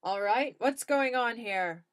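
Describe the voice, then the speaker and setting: A woman voicing a blunt, suspicious policeman who questions people in short, loud lines. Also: fairly high pitch, takes it slowly. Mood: stern.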